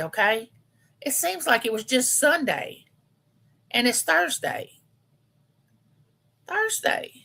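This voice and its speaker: A woman's voice: a little high, creaky, a bit bright. A woman, chatting homily and directly with viewers on a casual live stream. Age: 50s. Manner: chatty, homey, talks straight to her viewers.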